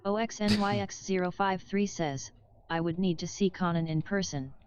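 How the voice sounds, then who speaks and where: A woman's synthetic voice reading out viewers' chat messages in a flat manner. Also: fairly low pitch, normal speed. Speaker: text-to-speech chat reader. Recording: dull lo-fi sound with faint hiss.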